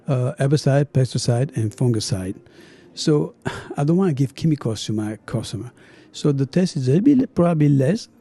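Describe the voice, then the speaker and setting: A middle-aged man from France with a French accent, a chef chatting in an interview and telling animated stories. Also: mid-range voice, moderate pace, hardly any pauses, husky. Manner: animated storyteller, acts out dialogue, laughs often. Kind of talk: casual interview chat.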